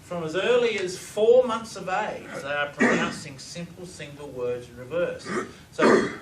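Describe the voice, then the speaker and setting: A man's voice: fairly high pitch, unhurried. A middle-aged man giving a lecture, enthusiastically playing recordings and quizzing his audience. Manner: enthusiastic, asks audience questions. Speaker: lecturer on reverse speech. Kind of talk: recorded lecture with audio examples. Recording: echoey room, far from mic, faint hiss.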